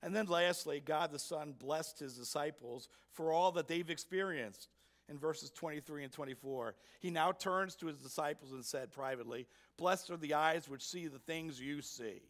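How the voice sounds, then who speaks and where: A male pastor delivers a sermon in a somewhat high voice. He stresses his points and keeps asking the congregation rhetorical questions. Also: normal speed, a bit bright. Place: church sanctuary.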